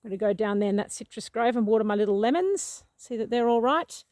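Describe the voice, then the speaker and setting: A woman, rambling gently and exclaiming in delight while she walks through her outdoor garden, recorded on a handheld phone. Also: fairly high pitch, expressive, quick pace, no echo. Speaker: gardening vlogger. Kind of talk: casual walking vlog.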